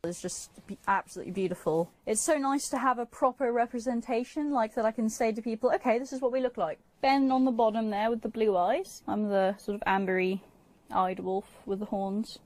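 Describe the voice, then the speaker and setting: A woman's voice: a little high, a little fast, darkish tone, no echo, low-quality recording. A woman being interviewed for a documentary, speaking earnestly and hesitantly with frequent fillers.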